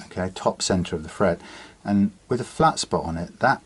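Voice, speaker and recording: A man's voice: low voice, lively intonation, moderate pace. A man working as a guitar repair technician, talking through his work in a casual, rambling way with frequent fillers and restarts. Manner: chatty, thinking aloud with many restarts and fillers. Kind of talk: casual workshop demonstration. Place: workshop bench. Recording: loud workshop filing noise. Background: file rasping and sanding on metal frets.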